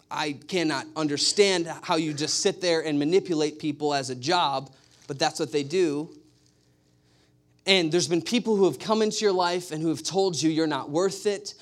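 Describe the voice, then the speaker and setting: A man with a fairly high voice delivers a sermon. He tells stories in an animated way and drives his points home with emphatic repetition. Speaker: pastor.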